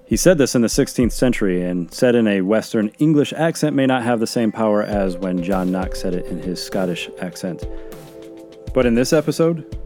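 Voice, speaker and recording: A man with a fairly low voice reads a scripted podcast introduction in a measured way, with dramatic emphasis. Soft music plays behind him. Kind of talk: scripted narration.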